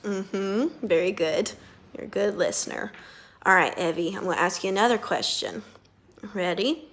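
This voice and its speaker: Woman, speech therapist, patient, slow modeled phrasing, gentle praise, mid-pitched voice. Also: expressive. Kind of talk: speech therapy lesson with a child.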